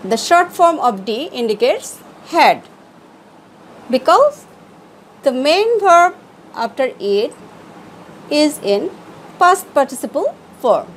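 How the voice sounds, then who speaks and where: A woman English teacher giving an online class, explaining slowly and deliberately with pauses. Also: high voice, big pitch swings, a little hiss or hum, rough recording.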